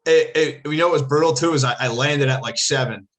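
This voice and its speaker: A man's voice: a little high, fairly quick, a bit bright. A man from the Philadelphia area, casually telling a long story as a podcast co-host, rambling, swearing and correcting himself as he goes. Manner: rambling, profane, self-correcting. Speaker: podcast co-host, former ballplayer.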